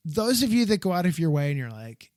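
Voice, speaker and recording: A slightly high-voiced American man talks alone into a dry, close microphone, hosting his own podcast. He rambles warmly from one thought to the next, and his voice leaps upward when he gets worked up. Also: fast talker, no echo. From United States. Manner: rambling, heartfelt and excitable, voice jumping up when enthused. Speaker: podcast host. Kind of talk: solo podcast monologue.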